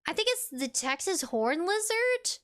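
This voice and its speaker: A woman's voice: extremely high pitch, big pitch swings, a little slow, a bit bright. A woman streamer chatting casually with viewers, reading out chat and game text in a playful, rambling way. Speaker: VTuber streamer.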